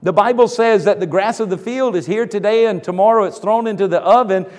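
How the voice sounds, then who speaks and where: A man preaching a sermon as pastor, emphatic, swinging between loud bursts and hushed asides. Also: high voice, fairly quick, long reverb tail.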